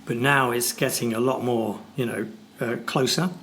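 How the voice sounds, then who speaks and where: A man's voice: mid-range voice, fairly even intonation, normal speed, fairly bright tone, a little hiss or hum. A man hosting a podcast, talking in a casual, conversational way with hesitant fillers. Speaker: podcast host, maths and business teacher.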